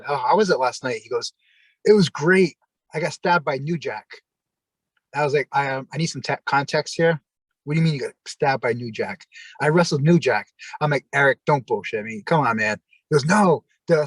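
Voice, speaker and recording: A man's voice: a little high, no echo. A man, a former wrestler telling long anecdotes in a casual interview, full of fillers and quoted dialogue.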